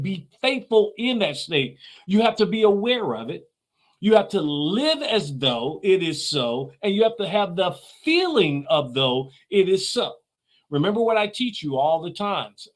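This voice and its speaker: Middle-aged male motivational host, slightly high voice, earnest and emphatic, repeats phrases for emphasis. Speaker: motivational speaker, show host. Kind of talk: motivational teaching monologue.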